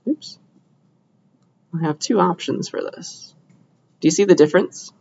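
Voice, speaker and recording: A young man lecturing in a room, upbeat and often pausing to check the class is following. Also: on the high side, steady tone, creaky, a little mellow, dull audio. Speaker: computer science lecturer.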